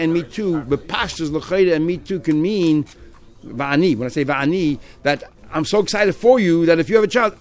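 Animated man teaching a text class. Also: a little high. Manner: animated, acting out the speakers he quotes.

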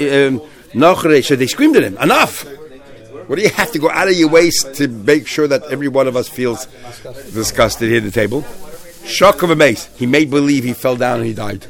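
A man teaching a Talmud class, retelling stories in a lively, halting way with many restarts. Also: mid-range voice, gravelly. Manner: animated storyteller, many restarts and fillers.

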